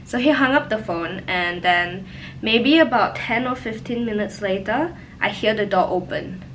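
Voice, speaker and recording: A young woman telling a personal story in a casual, animated way, full of "like" fillers. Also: mid-range voice, measured pace, slight background noise, low-quality recording. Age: young adult. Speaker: vlogger. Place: home, indoors.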